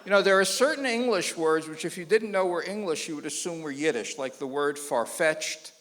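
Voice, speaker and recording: A rabbi with a slightly high voice speaks fairly quickly while giving a public lecture before an audience in a lecture hall, with long hall reverb on the recording. He tells jokes with animation, acting out the voices of the people in them.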